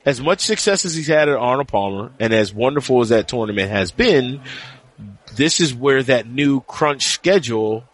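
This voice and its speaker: A man co-hosting a casual golf podcast, talking in animated, teasing bursts. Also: mid-range voice, normal speed. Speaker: podcast co-host and golf reporter. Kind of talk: casual sports podcast chat.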